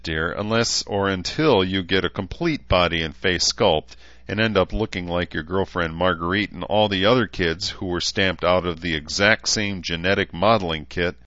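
A man's voice: low voice, moderate pace, a bit bright, no echo, muffled recording, voice pushed up. A man voicing a stern, coldly professional mother, clipped and disapproving.

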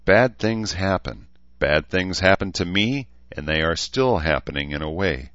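A man's voice: low-pitched, lively intonation, measured pace, a bit bright, dry recording, lo-fi sound. A man reading aloud, voicing a weary, sardonic middle-aged woman doctor. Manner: dry, exasperated.

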